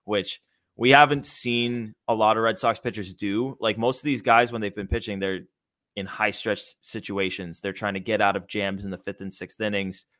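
A man's voice: on the low side, fairly even intonation, normal speed, a bit bright. A man casually chatting about baseball as a podcast host, enthusiastic and loose, with the odd swear. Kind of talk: casual sports chat.

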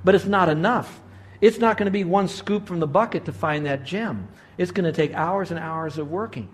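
Older male preacher, sermon storyteller, slightly high voice, lively acted-out quotes. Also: moderate pace. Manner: animated storytelling, voices quotes with big pitch jumps. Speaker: pastor.

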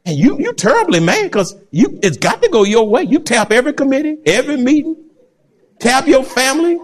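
A male preacher delivers a lively sermon, laughing often and moving from loud calls to quiet asides. His voice sits high and leaps all over the scale. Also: brisk. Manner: animated, laughing, swings between loud and soft. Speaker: pastor.

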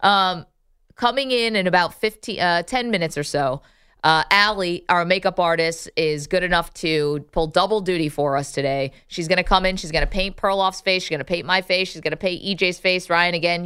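Woman, sports radio co-host, lowish smooth voice, dry studio sound, frequent laughs. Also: moderate pace, fairly bright tone, no room sound. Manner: laughs often, reads phone numbers and plugs. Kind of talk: sports talk radio banter.

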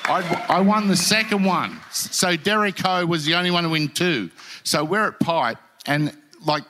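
A man's voice: on the high side, normal speed, bright, forceful tone, some chatter behind. A man telling surfing stories in casual chat, heated and swearing. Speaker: podcast guest, former pro surfer.

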